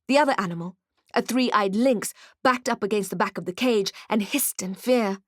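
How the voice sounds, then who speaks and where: A woman's voice: mid-range voice, normal speed, no echo. Woman narrating with dry, wry delivery. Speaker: audiobook narrator. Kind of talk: scripted first-person narration.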